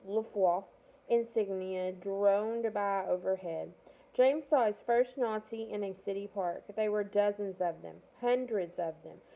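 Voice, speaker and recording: Woman reading a novel aloud, tinny sound. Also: mid-range voice. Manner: stumbles and corrects herself mid-sentence. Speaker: reader of a novel. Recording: tinny phone-like audio.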